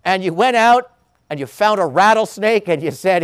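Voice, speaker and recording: A priest giving a homily in a slow, deliberate preaching style, rising to emphatic highs and dropping to hushed endings. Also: male voice, animated, clear, resonant tone.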